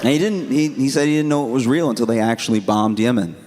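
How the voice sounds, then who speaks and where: A man doing stand-up, telling a story in a calm, wry, laid-back way. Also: mid-range voice, fast talker, slight background noise. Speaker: stand-up comedian.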